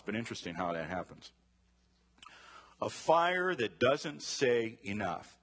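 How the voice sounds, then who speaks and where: A man's voice: mid-range voice, fairly bright tone, breathy edge. A man teaching a Bible study to a group in a chatty way, asking the class questions and drifting into side stories. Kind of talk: conversational Bible lesson to a group.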